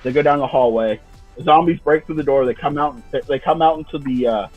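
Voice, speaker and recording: A slightly high man talks through a tinny, phone-like line that sounds dry and close. He tells his story haltingly, repeating words as he goes. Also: no room sound, faint music behind. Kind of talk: casual storytelling.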